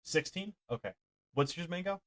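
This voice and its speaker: A man's voice: a little high, animated, moderate pace, fairly bright tone. A man running a tabletop game as dungeon master, talking casually, laughing and swearing a little.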